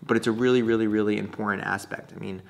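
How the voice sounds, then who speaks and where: A man's voice: lowish voice, fairly even intonation, fast talker, gravelly. Chatty man coaching poker. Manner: chatty, laughs often, frequent restarts and fillers. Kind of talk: casual talking-head monologue.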